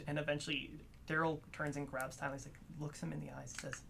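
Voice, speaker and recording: A man's voice: a little high, little pitch movement, moderate pace, gravelly, fairly bright tone, slight background noise. A man narrating a tabletop role-playing game as game master, telling the scene in a storytelling way. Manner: storytelling narration, laughs often with players.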